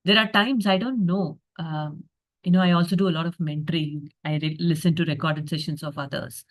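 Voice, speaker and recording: A woman's voice: sits low, steady tone, brisk. Reflective woman giving a coaching masterclass. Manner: reflective, frequent fillers, acts out inner thoughts. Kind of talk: online masterclass talk.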